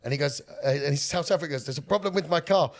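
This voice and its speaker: A man in casual podcast chat, enthusiastic and quick to laugh as he retells a funny clip. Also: on the high side.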